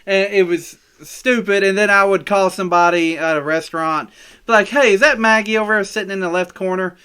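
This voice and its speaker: Bright-voiced man, rambling podcast storyteller, stumbles and swears, casual. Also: high-pitched, a little fast, clean tone. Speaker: podcast co-host. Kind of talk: casual chat.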